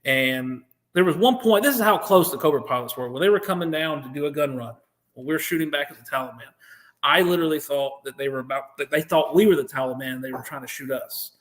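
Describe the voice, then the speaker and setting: American male guest, slightly high voice, animated, swears freely, acts out what others said. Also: quick pace. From United States. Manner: profane, animated, acts out quotes. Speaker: podcast guest, veteran. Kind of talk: interview storytelling.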